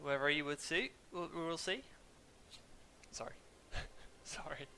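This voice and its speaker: A young Englishman rambles chattily through a casual game stream in a droning, self-mocking way, sniffling from hay fever. His voice sits a touch high and sounds bright, forward and expressive, and he speaks unhurriedly. He uses a desk mic at home, muted now and then, with a little hiss or hum.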